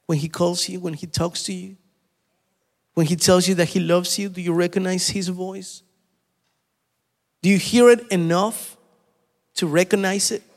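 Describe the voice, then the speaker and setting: Guy preaching a sermon, kinda high gravelly voice, keeps repeating himself and asking questions. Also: fairly even intonation, measured pace, pauses often, big-room sound. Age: adult. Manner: repetitive and emphatic, asking the listeners questions.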